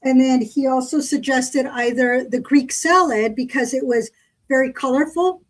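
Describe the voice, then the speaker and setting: A woman, co-hosting a podcast in casual chat and telling a story with lively quoted dialogue. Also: high voice, normal speed, poor audio. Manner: chatty storyteller, acts out quoted people. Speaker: podcast co-host.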